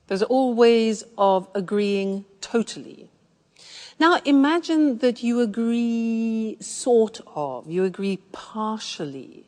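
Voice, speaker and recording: A woman English teacher slowly explaining and demonstrating everyday phrases. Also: fairly high pitch, animated, dark tone, in a large hall. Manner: slow, clear, demonstrating example phrases. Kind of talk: language lesson explanation.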